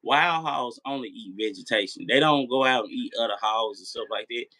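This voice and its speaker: A man's voice: mid-range voice, a little fast, sharp tone, no room sound, rough recording. A man hosting a late-night live chat, rambling, repeating himself and swearing as he talks straight to his viewers. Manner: rambling, repetitive, profane. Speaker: live stream host.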